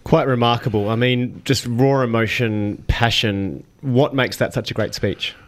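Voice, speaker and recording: A man's voice: mid-range voice, steady tone, a little slow. A man hosting a radio show, asking open questions and giving short affirming replies. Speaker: radio host. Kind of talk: casual radio interview. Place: radio studio.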